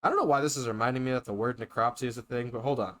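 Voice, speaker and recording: A streamer reading a game aloud and chatting on a live stream, excitable and talkative. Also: mid-range voice, very fast. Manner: animated, exclaims and chatters between reading.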